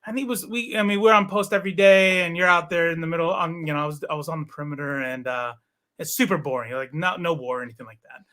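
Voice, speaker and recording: Bright-voiced man telling his story haltingly. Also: a little high, fairly even intonation. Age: 40s. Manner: halting, many fillers and restarts. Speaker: podcast guest. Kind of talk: casual interview storytelling.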